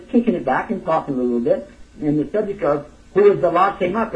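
Emphatic man preaching from afar, lo-fi. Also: a little mellow. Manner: emphatic, casual, with sudden high bursts. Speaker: Islamic teacher. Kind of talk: lecture sermon. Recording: distant dull lo-fi recording.

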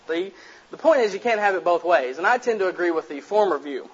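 A man with a slightly high voice speaks to a room as a lecturer, blunt and direct and fond of jokes. He talks casually into a microphone. The recording sounds dull and lo-fi. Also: a little fast, slightly rough. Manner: blunt, direct, jokey storyteller. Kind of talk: casual public lecture to an audience. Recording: muffled lo-fi recording.

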